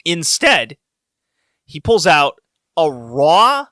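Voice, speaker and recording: A man with a bright, forceful voice a little above the usual pitch tells a story with lively, laughing energy. The mic is close and the sound is dry, with no room around him. He speaks in a casual podcast style. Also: drawn-out words, no room sound. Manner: animated storytelling, laughing, voices rising when excited. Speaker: podcast co-host.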